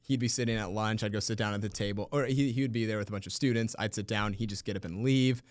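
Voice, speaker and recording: A man in his thirties, a teacher telling a funny story in an interview, lively and laughing often. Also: fairly low pitch, fast, no echo. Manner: animated, laughs often, acts out quoted voices.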